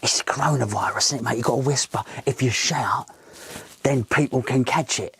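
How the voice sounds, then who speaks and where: A man's voice: medium pitch, brisk, fairly bright tone, a little hiss or hum, pitched below the performer's own voice, natural voice. A man voicing a boisterous male football fan in the stands who bellows and calls everyone mate.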